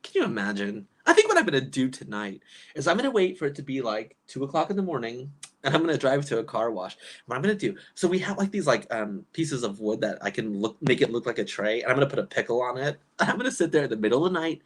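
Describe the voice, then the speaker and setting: A woman's voice: a bass voice, sing-song, fast. Exasperated woman ranting on livestream. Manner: exasperated, ranting, laughs often. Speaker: livestream commentator reading chat. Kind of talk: casual livestream commentary.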